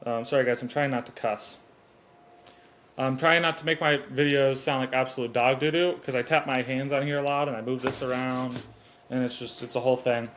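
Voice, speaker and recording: A man talks straight into a desk mic on a stand, hosting his own podcast. He moves from earnest motivational lines to loose, rambling chat. His voice sits at an ordinary middle pitch over a faint background hiss. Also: steady tone, fairly quick, fairly bright tone. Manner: earnest, rambling, fixes gear mid-recording. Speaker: podcast host. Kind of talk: solo motivational podcast talk.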